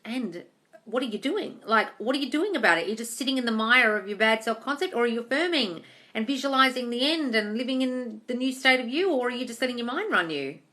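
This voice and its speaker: Blunt, sweary woman with a bright voice. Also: fairly high pitch, animated, brisk. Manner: blunt, sweary, calls viewers darling. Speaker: manifestation coach answering live chat questions. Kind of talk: live-stream Q&A, reading comments aloud.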